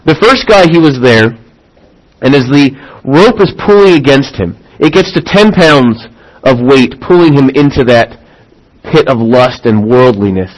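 A man preaches a sermon, telling an illustration in animated fashion that builds in intensity while he checks in with listeners by asking "all right?". His medium-pitched voice keeps a measured pace, and the recording quality is low.

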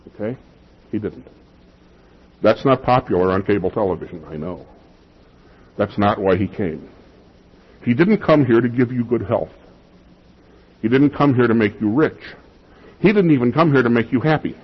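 A man's voice: medium pitch, husky, lo-fi sound. A man preaching a sermon as pastor, emphatic and repeating key phrases for weight.

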